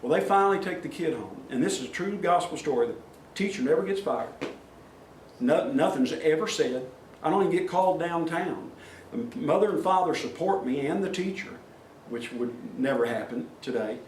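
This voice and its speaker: A man's voice: a little high, expressive, normal speed, darkish tone. A middle-aged man, telling plain-spoken, folksy stories to a safety meeting crowd. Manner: folksy, plain-spoken, acts out quoted voices. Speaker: speaker at a workplace safety meeting. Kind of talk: storytelling talk to an audience. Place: meeting room. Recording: echoey room from far off, faint noise.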